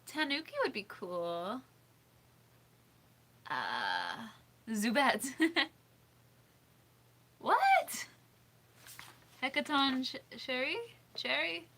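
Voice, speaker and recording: A woman's voice: high-pitched, wildly swooping pitch, very slow, long pauses, fairly bright tone. A woman hosting a casual livestream, reading out suggestions, giggling often and thinking aloud as she second-guesses pronunciations. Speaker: livestream host.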